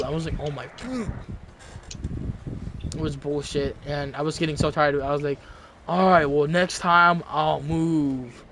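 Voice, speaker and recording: A young man tells a casual story in a rambling way, often restarting his sentences and leaning on fillers. His voice sits a little high for a man. A steady background noise runs under the recording. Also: moderate pace.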